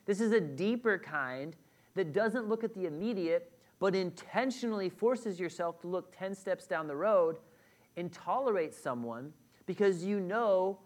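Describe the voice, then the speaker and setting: A man's voice: high-pitched, animated, unhurried. Man preaching a conversational sermon. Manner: conversational preaching with frequent check-in questions. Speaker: pastor. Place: church hall with a congregation.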